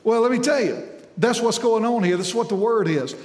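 Man, preacher, folksy sermon, very high voice, echoey church hall. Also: fairly quick. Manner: folksy, conversational, quizzes the congregation, stumbles over repeated words. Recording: echoey hall with long reverb.

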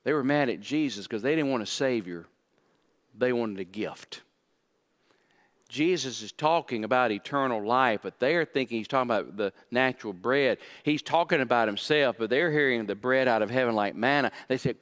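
A man's voice: medium pitch, normal speed, fairly bright tone. A man, a pastor, preaching a sermon and acting out the voices of the people he quotes.

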